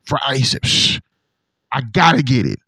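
Animated, profane man telling stories. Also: medium pitch, brisk, dry recording. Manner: animated storyteller, profane, quotes others in put-on voices. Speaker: podcast co-host. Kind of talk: casual chat.

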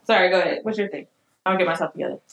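A woman's voice: on the low side, very fast. Earnest chatty woman, echoey room. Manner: earnest, tearful and laughing in turns. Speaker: podcast co-host. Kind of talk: casual chat.

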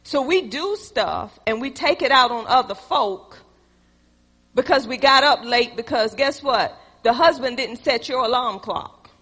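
A woman's voice: a little high, animated, unhurried, husky. A woman preacher, giving a folksy, conversational sermon in a church. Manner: folksy, conversational, dramatic shifts to hushed pleading. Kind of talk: sermon with acted-out skits. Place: church sanctuary. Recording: long hall reverb.

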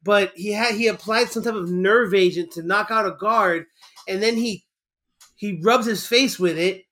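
A man co-hosting a casual film chat, retelling scenes excitedly with frequent laughter and swearing. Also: high voice, normal speed. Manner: excitable, laughing, profane storytelling. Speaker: podcast co-host.

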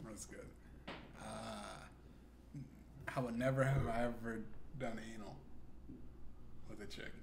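A man's voice: fairly low pitch, fairly even intonation, slow, creaky, long pauses. A man hosting a casual podcast chat and asking teasing questions. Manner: laid-back, teasing questions. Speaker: podcast host. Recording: echoey room, faint noise.

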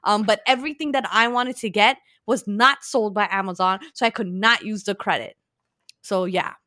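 A woman telling a story in casual chat, animated and acting out both sides. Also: medium pitch, moderate pace, no room sound, studio quality. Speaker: podcast co-host.

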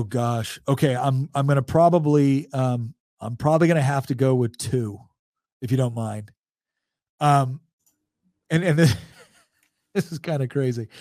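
A man in his forties shares a personal story as a guest on a podcast, moving from one thought to the next in a loose, chatty way. He laughs often and restarts his sentences, at a medium pitch. The sound is dry and close. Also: darkish tone, no echo. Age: 40s. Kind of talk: casual storytelling.

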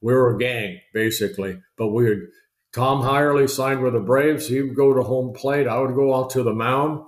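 An older man, a retired pitcher, telling chatty, rambling stories in a podcast interview, full of fillers and restarts. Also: moderate pace. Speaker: guest, retired baseball pitcher. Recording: roomy echo.

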